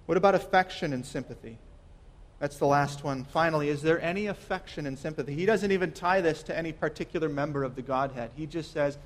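Earnest high-voiced man preaching. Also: brisk. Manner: earnest, repeats words, asks rhetorical questions; shifts between loud emphasis and soft near-whispers. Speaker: pastor. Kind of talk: sermon.

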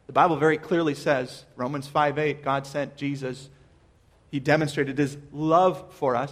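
A pastor preaching a sermon to his church, earnest and measured, asking his listeners questions. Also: on the high side, gravelly.

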